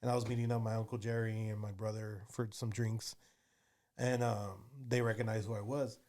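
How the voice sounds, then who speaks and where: A man's voice: fairly low pitch, flat delivery, normal speed, a little mellow. Guy in his 30s rambling thru stories, "you know" every other line. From Texas. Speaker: guest. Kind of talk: casual storytelling.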